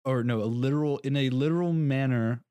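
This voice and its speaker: A man's voice: mid-range voice, brisk, mellow, smooth, no room sound. A young man co-hosting a podcast in casual chat, rambling through a story, restarting his sentences and laughing at himself. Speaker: podcast co-host.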